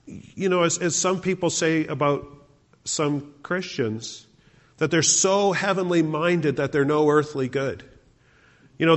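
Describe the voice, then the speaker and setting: A man's voice: high voice, a bit bright. A male pastor preaching a sermon, asking the congregation rhetorical questions.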